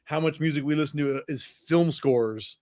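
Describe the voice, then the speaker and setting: A man co-hosting a podcast in casual chat, animated and profane, with tumbling phrases. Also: a little high, moderate pace, no room sound, studio quality. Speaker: podcast co-host.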